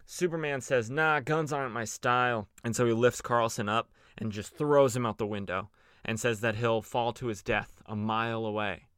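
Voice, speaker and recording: A man's voice: fairly low pitch, fairly even intonation, moderate pace, clear, resonant tone, dry recording, studio quality. A young man casually retelling a comic story as a podcast host, loose and chatty with lots of fillers. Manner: loose and chatty, many fillers, playful voices for quoted characters. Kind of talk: casual comic recap with acted quotes.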